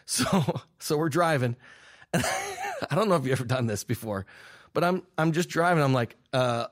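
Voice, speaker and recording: A young man, a filmmaker guest, telling an animated story with laughs and quick restarts. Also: a little high. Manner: excitable, laughing, restarts mid-sentence.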